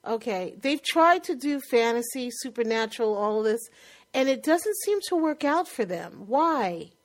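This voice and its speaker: A woman with a New York accent co-hosting a casual chat about TV shows, chatty and quick to laugh. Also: on the high side, lively intonation. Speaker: podcast co-host.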